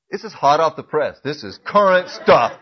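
A man teaching a casual Bible class in a church classroom. He clears his throat often and corrects himself as he goes. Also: on the high side. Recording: dull lo-fi recording.

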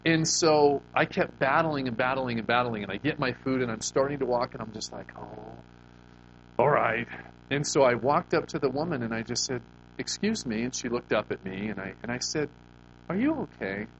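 A man's voice: mid-range voice, lively intonation, a little fast, muffled recording, slight background noise. Man preaching a conversational sermon. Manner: conversational storytelling, rhetorical questions, frequent restarts. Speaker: pastor.

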